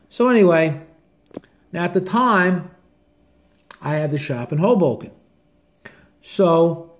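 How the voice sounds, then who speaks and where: A man's voice: a little high, darkish tone. An older man with a New Jersey accent, a barber and author, telling stories in a blunt, casual way and swearing freely. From northern New Jersey. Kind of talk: casual storytelling to camera.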